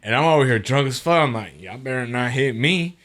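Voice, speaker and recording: A man's voice: mid-range voice, a little fast. A man guest on a podcast telling travel stories in casual slangy talk, swearing freely and acting out what people said. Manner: slangy and profane, acts out quotes in animated voices. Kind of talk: casual storytelling chat.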